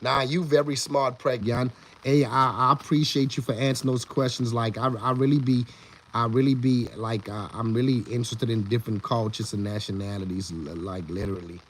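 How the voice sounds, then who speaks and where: Male streamer, mid-pitched, casual and rambling, lots of restarts, faint background noise. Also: steady tone, fairly quick. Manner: rambling, with many restarts and repeated words; greets chat viewers by name. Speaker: livestream host. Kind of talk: casual live-stream chat with viewers.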